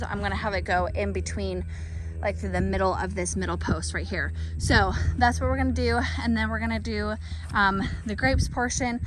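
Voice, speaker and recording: A woman, chatting casually and excitably with lots of ums while she does a backyard gardening how-to. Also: mid-range voice. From Texas. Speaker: gardening vlogger. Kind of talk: casual outdoor how-to vlog. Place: outdoors in a backyard. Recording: outdoor noise behind the voice.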